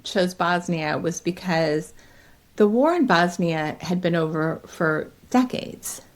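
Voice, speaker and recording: A woman's voice: on the low side, slow pace. Middle-aged woman telling stories, laughing often. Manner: lively, laughs often, acts out quotes. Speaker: guest comedian. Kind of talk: storytelling in an interview.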